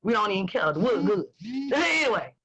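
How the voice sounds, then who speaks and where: A woman, talking in blunt, profane and animated casual chat as host. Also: mid-range voice, brisk, rough recording. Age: 20s.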